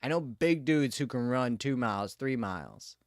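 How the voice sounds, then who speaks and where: This livestreamer has a medium-pitched, expressive male voice, recorded studio-clean with no echo. He rants, swears and laughs quickly while chatting casually as he plays a game live.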